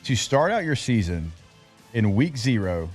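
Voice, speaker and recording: A man hosting a radio sports show, chatting casually and running through fixtures in a loose, filler-laden way. His voice sits mid-pitch, with a faint music bed under the studio mic. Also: very animated, unhurried. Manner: loose, filler-heavy, rattles off schedules.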